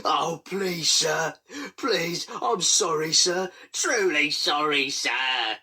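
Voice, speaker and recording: A man's voice: on the high side, drawn-out words, sharp tone, breathy edge, pitched above the performer's own voice, full character voice. A man voicing a cowardly, grovelling male railway controller in a fan-made storybook parody, whining and pleading. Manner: whiny, pleading, nervous.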